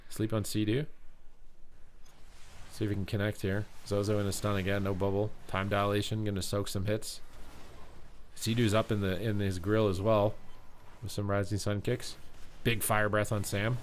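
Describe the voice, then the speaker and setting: An excitable, chatty esports caster calls a live broadcast play by play and reads out messages from the stream chat. His voice is on the low side at normal speed, with long pauses and a slight hiss or hum in the audio.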